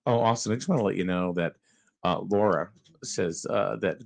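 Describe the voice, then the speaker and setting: A man's voice: low-pitched, moderate pace, gravelly, a little mellow. A man hosting a casual local morning radio show, rambling with fillers and chuckling as he talks.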